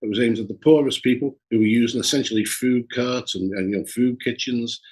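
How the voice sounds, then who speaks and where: A speaker at an ordinary middle pitch talks emphatically in an interview. The delivery is firm and pressing, leaning hard on each point. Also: a little fast, darkish tone, breathy edge. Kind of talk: casual interview talk.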